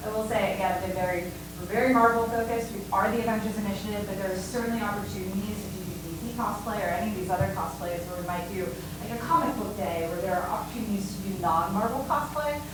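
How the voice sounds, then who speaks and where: A woman's voice: medium pitch, quick pace, few pauses. Chatty woman, echoey and distant. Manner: chatty, many fillers and "right?". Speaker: costume volunteer panelist. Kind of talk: panel talk. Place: convention panel room. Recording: echoey hall from far off, noisy.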